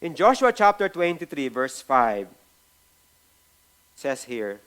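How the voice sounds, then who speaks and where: A man's voice: medium pitch, sing-song, a little slow, pauses often, a bit bright, smooth. A man with a Filipino accent preaching a sermon, repeating key phrases for emphasis and often checking in with the congregation. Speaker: pastor.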